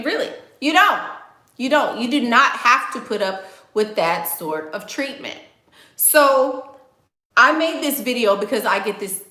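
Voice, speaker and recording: A woman's voice: mid-range voice, pushed and bright. A woman vlogger giving life advice in an emphatic, outspoken way, often repeating her key lines. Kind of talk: casual advice monologue. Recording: roomy echo.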